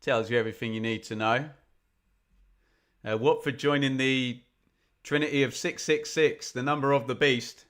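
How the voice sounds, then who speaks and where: A man from England giving live football commentary on a fan watch-along, chatty and opinionated, with sudden bursts of excitement when chances come. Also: mid-range voice, normal speed, pauses often. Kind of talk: live football commentary mixed with casual chat.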